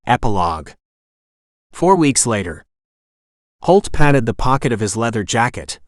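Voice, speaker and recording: A man narrating a romance audiobook in a calm, even reading voice, giving the characters' dialogue a gentle touch. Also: medium pitch, dry recording, clean studio sound.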